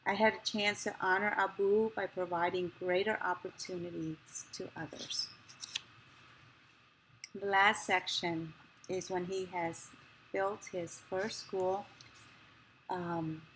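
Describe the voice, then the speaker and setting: A woman reading a memoir passage aloud, in a slow, measured and gentle way. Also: on the low side, fairly even intonation, slight background noise, poor audio.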